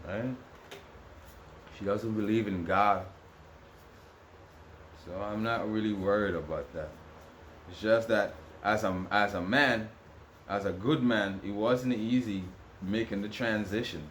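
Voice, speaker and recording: A man's voice: on the low side, fairly even intonation, takes it slowly, pauses often, a bit bright, a little hiss or hum. A man vlogging to camera in a rambling, repetitive, aggrieved rant with many restarts. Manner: ranting, aggrieved. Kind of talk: casual monologue to camera.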